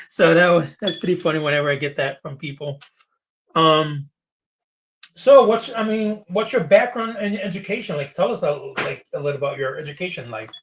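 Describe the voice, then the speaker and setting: A man's voice: a little high, normal speed, background noise. A man from Massachusetts hosting a casual interview, asking loose, rambling questions. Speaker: podcast host.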